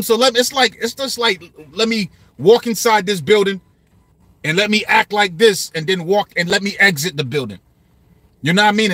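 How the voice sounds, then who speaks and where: Male vlogger, raised pitch and bright, husky tone, dry close sound, loose repetitive talk with cursing. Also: no room sound. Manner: loose and repetitive, swearing, quoting lines aloud. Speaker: lyric breakdown vlogger. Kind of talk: casual commentary.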